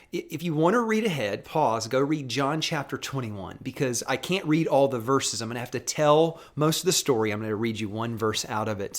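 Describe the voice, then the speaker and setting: A man, a pastor, giving a casual and animated devotional talk, acting out quoted lines as he tells the story. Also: mid-range voice.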